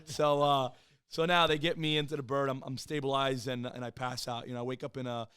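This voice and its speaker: A man in his thirties, a podcast guest, telling his own story in a casual, profane, animated way and acting out the people he quotes. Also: medium pitch, brisk, clean tone. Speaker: podcast guest, former Marine and police officer.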